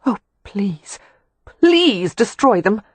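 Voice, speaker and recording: Brief: a man doing a shy, embarrassed young lady in an audiobook romance; breathy and raised. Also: sits high, very animated, extremely slow, dry recording, voice pushed up, heavily acted. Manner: timid, hesitant, flustered. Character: flustered young woman companion, timid and embarrassed. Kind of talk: audiobook dialogue.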